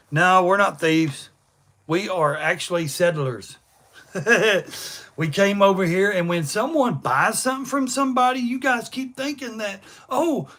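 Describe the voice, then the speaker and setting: A man in his forties rants on his livestream, blunt, combative and profane. His voice sits high for a man and comes out bright and forceful. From East Tennessee, USA. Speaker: livestream host. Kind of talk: unscripted livestream rant.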